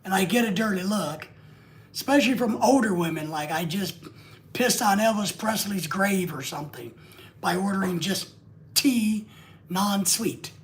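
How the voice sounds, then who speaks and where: A man's voice: high-pitched, moderate pace, a little hiss or hum. A man hosting a live stream, rambling and joking casually with crude asides.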